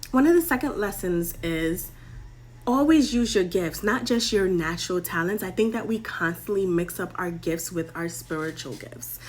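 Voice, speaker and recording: A young woman hosting a show, casually retelling a Bible story in playful, slangy language with lessons at the end. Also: mid-range voice. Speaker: host.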